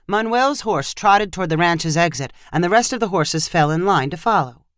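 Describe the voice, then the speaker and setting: A narrator reading a short story in a steady, measured voice. The pitch sits in a middle register. The recording is dry and close, with no room sound. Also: no room sound.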